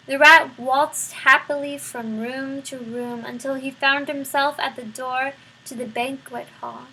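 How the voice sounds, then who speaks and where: A woman reading a children's novel aloud, expressive and speaking straight to the listener. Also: sits high, unhurried, hardly any pauses, slightly rough, low-quality recording. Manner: expressive, addresses the listener directly. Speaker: storybook reader.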